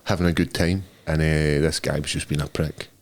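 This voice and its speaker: A man's voice: a bass voice, a little fast, slight background noise. A young Scottish man co-hosting a podcast, telling stories in casual chat with lots of swearing and laughter. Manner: swearing, laughing, animated storyteller. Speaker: podcast co-host.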